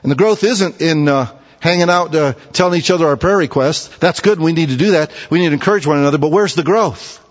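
A man's voice: on the high side, fast, lo-fi sound. Folksy preaching man, echoey hall. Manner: folksy storytelling, swinging between hushed asides and raised emphatic preaching. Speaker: pastor. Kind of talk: sermon.

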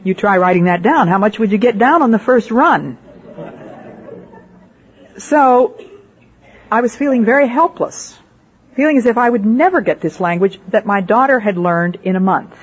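Husky older woman preaching a testimony. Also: mid-range voice, moderate pace, pauses often, lo-fi sound, some chatter behind. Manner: storytelling with rhetorical questions to the audience. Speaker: missionary speaker. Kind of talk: personal testimony sermon.

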